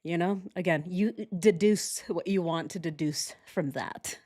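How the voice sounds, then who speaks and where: A woman's voice: lowish voice, takes it slowly. A woman hosting a true-crime commentary channel who talks in a chatty, sarcastic way and often laughs. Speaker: channel host.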